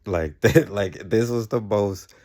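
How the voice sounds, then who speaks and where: A man's voice: on the low side, slow pace, darkish tone. A man casually recapping a TV episode, rambling and often correcting himself mid-sentence, quoting characters in his own plain voice. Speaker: TV episode reviewer.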